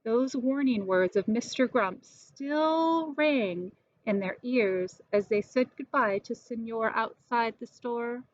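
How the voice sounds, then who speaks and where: Woman, storybook narrator, lively and expressive, slightly high. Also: takes it slowly, no room sound, dull audio. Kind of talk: storybook read-aloud.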